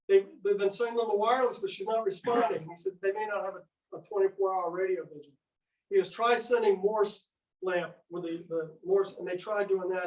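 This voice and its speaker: Male history lecturer, storyteller who acts out quotes; distant mic, roomy sound. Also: high voice. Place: museum lecture room. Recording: echoey room, speaker far from mic.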